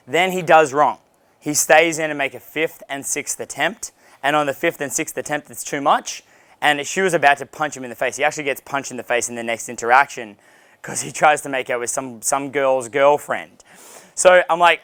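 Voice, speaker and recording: A man's voice: a little high, normal speed, a bit bright, clear, resonant tone, no echo. A man teaching a dating seminar, blunt and profane, acting out sample dialogues. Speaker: dating coach. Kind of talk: seminar lecture.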